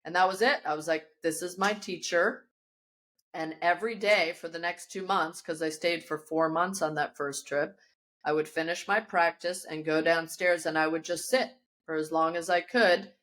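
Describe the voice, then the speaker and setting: A woman yoga teacher, a podcast guest, telling a personal story in a lively, animated way with frequent restarts, recorded in her studio. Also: sits low, normal speed. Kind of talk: casual storytelling interview.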